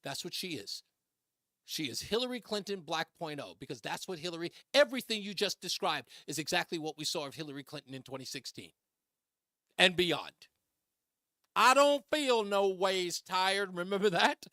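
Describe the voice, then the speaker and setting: A man's voice: a little high, lively intonation, a little fast, sharp tone, no room sound, clean studio sound. A male radio talk show host on a political call-in show, emphatic and repeating phrases for effect. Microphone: studio microphone.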